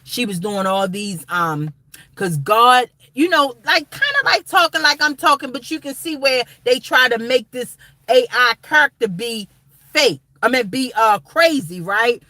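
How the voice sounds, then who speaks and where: A woman's voice: on the high side, expressive, a little slow, pushed and bright, no room sound. A woman vlogger talking straight to her viewers in casual commentary, emphatic and rambling, calling them guys and y'all. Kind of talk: casual direct-to-camera commentary.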